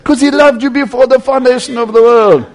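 A male preacher giving a sermon, swinging between loud emphatic passages and hushed near-whispers, earnestly calling his listeners friends. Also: very high-pitched, fairly even intonation, fairly quick.

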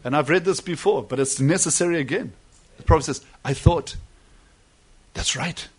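Husky, high-voiced preacher man. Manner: swings between soft asides and loud drawn-out emphasis. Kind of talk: sermon.

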